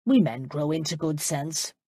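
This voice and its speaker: A woman voicing a kind, modest young country parson who speaks with gentle restraint. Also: low-pitched, normal speed, slightly rough, no echo, clean studio sound. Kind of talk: audiobook character voice.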